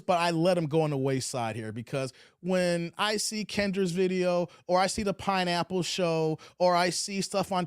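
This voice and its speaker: In studio-quality audio with no echo, a man with a high-sitting voice runs a livestream commentary. His delivery is preachy and repetitive, and he keeps drawling "man" onto the ends of his lines.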